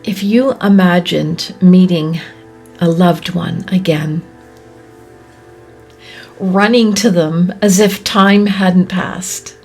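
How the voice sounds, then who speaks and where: A woman hosting a podcast, speaking in a soft, often whispery, reflective way, her voice catching with emotion. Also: on the low side, takes it slowly, pauses often, faint music behind. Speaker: podcast host. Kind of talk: slow reflective monologue.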